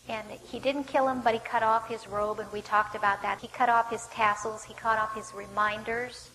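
A woman teaches a Bible lesson in a lively storytelling manner and asks rhetorical questions along the way. Her voice sits somewhat high. The recording has a long hall reverb and faint noise underneath.

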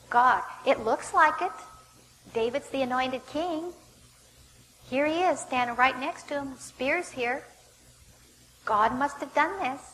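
A woman teaching a Bible study, telling the story in an animated way and asking her listeners rhetorical questions. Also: on the high side. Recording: long hall reverb, faint background noise.

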